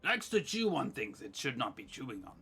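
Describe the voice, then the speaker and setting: A man's voice: mid-range voice, sing-song, fairly quick, vocal fry, bright, forceful tone, husky, soft background music. A man playing a tabletop role-playing game who jokes around goofily. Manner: goofy, joking. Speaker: player voicing an ogre. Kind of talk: casual tabletop game chat.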